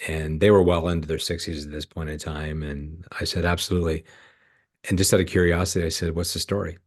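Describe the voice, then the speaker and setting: A middle-aged man from Canada with a very low, deep voice tells ministry stories as a podcast guest. He is earnest and heartfelt, and he acts out the lines of the people in his stories. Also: level tone, brisk. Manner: earnest, emotional storyteller acting out dialogue. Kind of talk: storytelling in a podcast interview.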